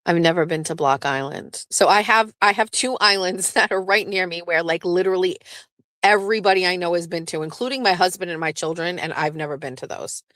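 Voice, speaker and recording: A woman's voice: lowish voice, fairly quick, no room sound. A woman from southeastern Massachusetts hosting a show in casual, rambling chat, swearing freely and often laughing. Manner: lively, breaks into laughs. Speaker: show host.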